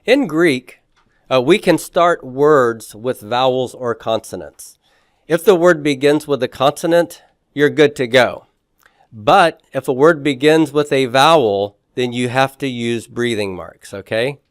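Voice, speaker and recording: A man's voice: medium pitch, unhurried, no echo, studio quality. A man teaching a beginners' Greek lesson, explaining patiently and often checking in with "okay?". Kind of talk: classroom lecture.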